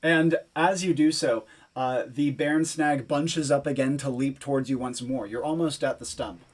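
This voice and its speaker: A man narrates a tabletop game as game master, painting scenes in rich detail. He talks casually, with fillers. His pitch sits in the middle range. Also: normal speed, slight background noise.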